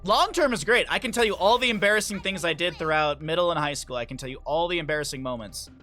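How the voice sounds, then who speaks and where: A high, bright man's voice rambles through profane stories while playing a game on stream. He breaks off to greet chat and comment on the match. Faint music plays underneath. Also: animated. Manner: rambling, profane storytelling with quick asides to chat. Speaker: gaming streamer.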